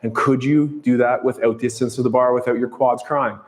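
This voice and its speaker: A man leads a barre workout with steady, calm cues and counts. His voice carries a long reverb from the studio space. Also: mid-range voice, brisk. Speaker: fitness instructor. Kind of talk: follow-along workout cueing.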